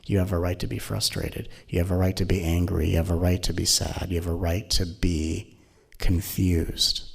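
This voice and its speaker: A man giving an animated, playful spiritual talk as a teacher, often slipping into mocking voices. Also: low-pitched, normal speed, vocal fry, breathy edge.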